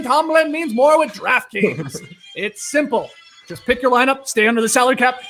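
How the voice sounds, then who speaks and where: A man's voice: extremely high pitch, gravelly, pushed and bright. A man co-hosting a sports podcast, chatting casually and reading an ad in a playful, laughing manner. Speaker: podcast co-host. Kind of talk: casual chat and read ad.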